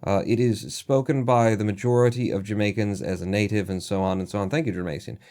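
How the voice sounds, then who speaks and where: A man's voice: fairly low pitch, steady tone, quick pace, darkish tone. A man live-streaming a number puzzle, thinking aloud and muttering numbers to himself with self-deprecating asides. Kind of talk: casual thinking aloud while playing a puzzle game.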